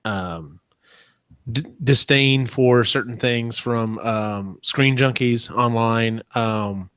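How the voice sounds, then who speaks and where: A man's voice: mid-range voice, slow pace, fairly bright tone, clean tone, dry recording, studio quality. A man in his thirties hosting a casual podcast, rambling with many ums and restarts. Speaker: podcast host.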